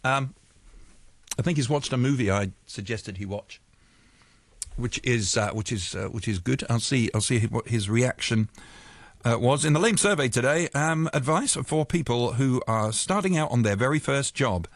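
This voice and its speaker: A man's voice: medium pitch, lively intonation, moderate pace, no room sound. Rambling male radio host, dry studio sound. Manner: rambling, self-correcting, chuckling at listener jokes. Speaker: radio drive-time host. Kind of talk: casual radio chat. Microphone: studio microphone.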